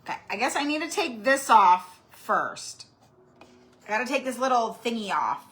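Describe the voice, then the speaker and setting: A woman's voice: fairly high pitch, very animated, normal speed, a bit bright, faint music behind. A woman hosting a live-stream craft tutorial, chatty and rambling as she greets viewers by name. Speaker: craft channel host.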